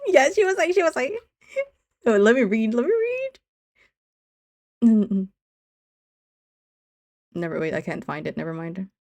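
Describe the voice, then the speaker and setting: A woman's voice: on the high side, a little mellow. A woman streamer chatting casually with her viewers in a teasing, giggly way, often saying she's only kidding.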